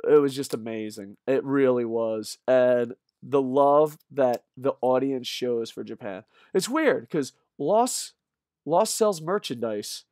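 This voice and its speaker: A man ranting in a rambling, profane fan vlog, tired and punch drunk, swinging from loud shouts to low mutters. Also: no echo, clean studio sound. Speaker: wrestling vlogger. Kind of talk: excited fan vlog rant.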